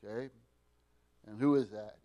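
A man teaching a Bible class, pausing often with fillers and restarts and getting loud to stress key words. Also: fairly low pitch, steady tone, muffled recording. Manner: unhurried, with many fillers and restarts, rising loud for emphasis.

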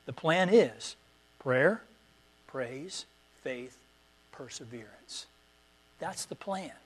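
Man preaching a sermon, soft to emphatic. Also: medium pitch, expressive, very slow, a little hiss or hum. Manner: preacherly, repetitive exhortations swinging from quiet to emphatic. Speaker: pastor.

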